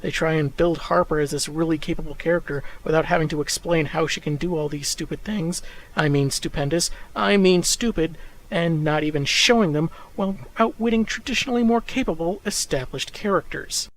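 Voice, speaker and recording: A man with a fairly high voice reads a scripted comic recap at an even clip. He slips dry, sarcastic jabs into the summary. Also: fairly quick, hardly any pauses, rough recording. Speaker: comic book reviewer. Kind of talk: scripted narration.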